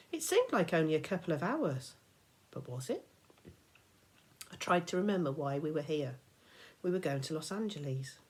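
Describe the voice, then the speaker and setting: A woman teacher reading a children's novel aloud, expressive and dramatic, sometimes dropping to a whisper. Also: on the low side. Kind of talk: storybook read-aloud.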